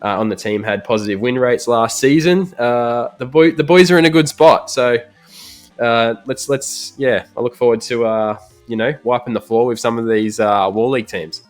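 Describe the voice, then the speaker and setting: A man's voice: medium pitch, normal speed, faint music behind. An Australian man hosting a casual podcast interview, laid-back and easygoing, with lots of fillers. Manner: relaxed, laid-back, many fillers and "mate". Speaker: podcast host.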